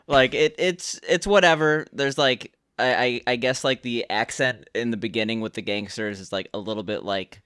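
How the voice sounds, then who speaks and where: A man's voice: medium pitch, normal speed, hardly any pauses, fairly bright tone, clean tone, no room sound, clean studio sound. A young man co-hosting a podcast, recapping a movie in casual chat and often repeating words as he starts a sentence. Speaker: podcast co-host.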